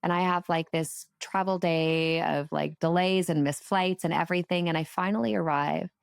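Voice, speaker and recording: A woman with a lowish, gravelly voice tells a personal story as a podcast guest. She talks in a chatty, animated way, full of casual fillers. Her voice sits close and dry in the recording. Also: moderate pace, dry recording. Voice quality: emotional, tearful at moments. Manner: animated, chatty, lots of "like" fillers, laughs and swears while telling.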